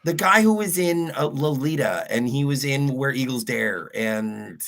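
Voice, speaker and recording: A man's voice: mid-range voice, animated, a little slow, creaky, a bit bright. A man in a casual livestream chat, making wry, sardonic remarks.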